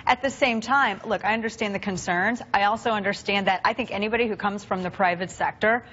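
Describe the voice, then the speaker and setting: Animated woman panel commentator. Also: mid-range voice, fairly quick. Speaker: political commentator. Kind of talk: broadcast panel discussion. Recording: dull lo-fi broadcast audio.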